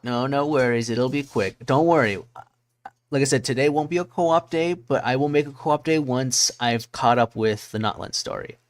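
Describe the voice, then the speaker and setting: A man's voice: medium pitch, normal speed. A man streaming a video game, chatting casually with his viewers and muttering to himself as he searches through menus. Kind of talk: casual gameplay chat.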